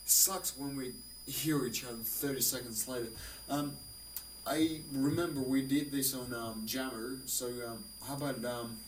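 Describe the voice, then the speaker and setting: Recorded from a distance in a roomy space, a man with a Finnish accent chats drunkenly on a livestream, rambling and cursing a lot in a slurred, mid-range voice. His tone is steady and unhurried, with loud guitar music and other noise behind him.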